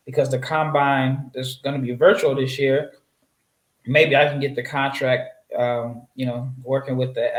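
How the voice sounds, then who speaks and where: Rambling man in a roomy echo. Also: medium pitch. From Nebraska. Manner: rambling storyteller, many fillers and restarts. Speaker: guest draft analyst. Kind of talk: casual interview chat. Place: home setup, away from his usual mic. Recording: roomy echoey sound.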